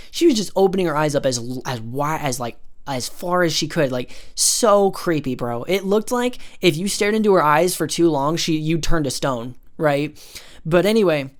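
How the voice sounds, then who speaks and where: A man's voice: fairly high pitch, clear, resonant tone. A man telling a personal story in a casual, rambling way, swearing often and filling his speech with "like" and "you know". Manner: rambling, profane, heavy filler words.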